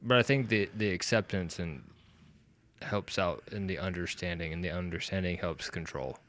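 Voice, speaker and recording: A man's voice: low-pitched, moderate pace, fairly bright tone. A man hosting a podcast, talking in a casual, candid and self-deprecating way. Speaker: podcast host. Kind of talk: casual conversation. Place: studio.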